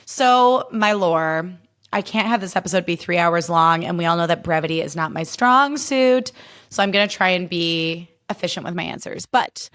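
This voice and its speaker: A woman's voice: on the low side, normal speed, fairly bright tone. A woman in her thirties from Illinois, hosting a solo podcast in a chatty, emphatic way, full of fillers and swearing. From Illinois, USA. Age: 30s. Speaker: podcast host. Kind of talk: casual solo podcast chat.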